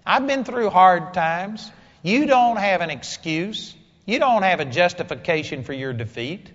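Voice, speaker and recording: This sermon comes from a high-pitched man who takes his time, his intonation lively as his blunt, emphatic preaching climbs toward loud exclamations. The hall recording sounds dull and echoey.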